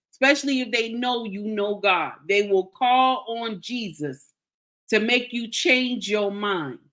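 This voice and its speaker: A woman with a bright, forceful voice recounts a personal story straight to her viewers. She is animated and emphatic, and she repeats her key lines for weight. She keeps checking in with her listeners as she goes. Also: on the high side.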